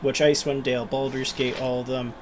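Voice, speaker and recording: A man's voice: medium pitch, level tone, brisk, a little hiss or hum. A man hosting a gaming channel, talking animatedly in casual let's-play commentary and laughing at himself.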